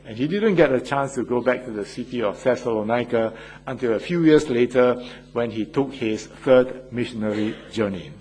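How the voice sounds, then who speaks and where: Older male pastor, husky delivery, earnest sermon style with frequent asides. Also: medium pitch, moderate pace, darkish tone, poor audio.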